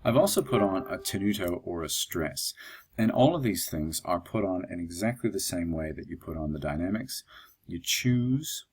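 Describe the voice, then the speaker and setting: Male tutor, very low gravelly voice, unhurried screencast explainer. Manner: calm, explanatory, with fillers. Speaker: music teacher.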